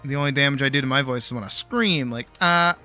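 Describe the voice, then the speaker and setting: Male streamer, late-night casual chat, worn out with a sore jaw, bright forceful tone, loose and sweary, soft music under the desk mic. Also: medium pitch, quick pace. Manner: rambling, swears freely, self-mocking. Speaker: streamer and animator. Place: home streaming setup.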